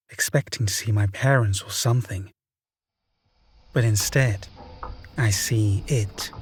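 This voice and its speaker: Husky man narrating a slow, tense horror story. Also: medium pitch, no echo, studio quality.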